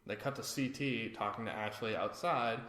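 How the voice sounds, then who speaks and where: A man co-hosting a podcast speaks at normal speed in a voice on the low side, casually recapping a reality show and acting out cast quotes with animation. The recording has a roomy echo.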